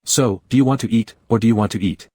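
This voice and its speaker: A man voicing a tall, possessive young male lover in a storybook, speaking low and intense. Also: quick pace, mellow, no room sound, natural voice.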